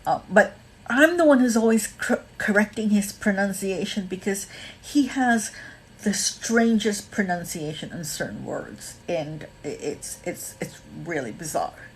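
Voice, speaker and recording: A woman from Malaysia hosts a laid-back livestream, wandering through her talk with many ums and greeting viewers by name. Her lowish, husky voice has a mixed accent, mainly American with a little Australian, and the audio quality is poor.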